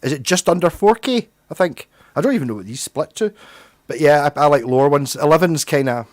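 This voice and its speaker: A man's voice: on the high side, expressive, a little fast, darkish tone, no echo, studio quality. A middle-aged man, hosting a livestream and chatting loosely with viewers, rambling and swearing freely. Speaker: livestream host. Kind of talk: casual livestream chat.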